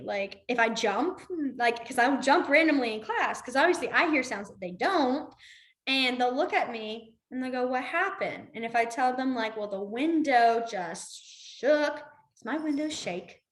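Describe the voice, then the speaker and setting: Young woman teaching a class from home, chatty, kinda high voice, trails off quiet when she shows stuff, roomy echo. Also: measured pace. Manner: chatty, drifts into asides, trails off quietly while demonstrating signs. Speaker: sign language teacher. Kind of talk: casual online class instruction. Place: room at home with a window. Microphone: computer mic on a video call.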